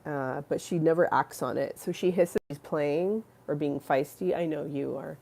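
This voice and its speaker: A woman's voice: low-pitched, normal speed, creaky, mellow. A young woman hosting a casual livestream, chatting to her viewers in a rambling, affectionate way with many fillers and restarts. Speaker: livestream host.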